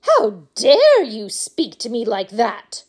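A woman's voice: a little high, very animated, a little slow, dark tone, voice pushed up. Brief: woman doing snooty rich mum in a storybook, indignant, affronted. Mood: haughty. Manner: huffy, affronted. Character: haughty, indignant rich mother.

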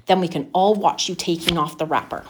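A woman voicing a wise, stern old grandfather who speaks in slow, measured warnings. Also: on the low side, noisy background, lightly acted. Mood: earnest.

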